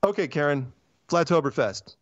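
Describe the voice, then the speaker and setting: Man, podcast host, animated rants, dry close sound, dull lo-fi audio. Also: on the high side, no echo. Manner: animated, ranting, quick asides and restarts. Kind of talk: casual chat.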